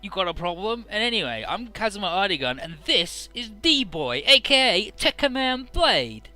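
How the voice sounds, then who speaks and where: A man's voice: a little high, slow, bright, forceful tone, clear, resonant tone, soft background music, voice pushed up. A man voicing a brash young male mech pilot with a cocky, challenging manner, in a game.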